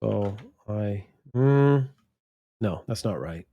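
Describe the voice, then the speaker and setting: A man teaching English vocabulary, thinking aloud and saying words slowly and deliberately to stress the key ones. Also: on the low side, expressive, gravelly, narrow, tinny audio.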